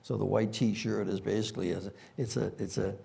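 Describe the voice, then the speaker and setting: Gravelly older man with a Boston accent. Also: lowish voice, steady tone, brisk, warm tone. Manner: rambling anecdotal, frequent fillers. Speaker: former police chief. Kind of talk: conference panel storytelling.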